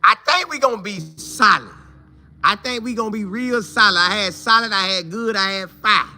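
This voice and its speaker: On his casual live college football fan stream, a man reads out viewer comments and welcomes people by name. He talks at normal speed in a high, bright, forceful voice, repeating his points for emphasis.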